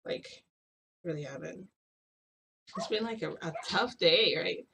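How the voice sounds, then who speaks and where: A woman's voice: fairly low pitch, unhurried, vocal fry, a bit bright, slight background noise. A young woman vlogger casually telling a long story to her viewers, rambling with many fillers and frequent laughs.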